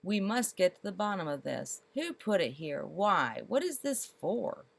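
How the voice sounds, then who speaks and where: Brief: woman reading as a fretful storybook mayor, pushing his questions higher and louder. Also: big pitch swings, measured pace, vocal fry, full character voice. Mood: puzzled. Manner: rising, insistent questioning. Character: fussy, excitable male village mayor.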